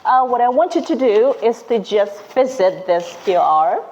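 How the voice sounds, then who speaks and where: A woman's voice: on the high side, expressive, normal speed, darkish tone, highs cut off. A woman teaching an English class at a university, asking her students questions and prompting their answers in a classroom.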